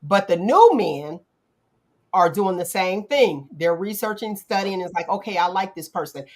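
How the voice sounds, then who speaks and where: A middle-aged woman hosting a casual talk show, animated and acting out quotes in playful voices. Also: on the low side, moderate pace. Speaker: podcast host. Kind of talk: casual chat.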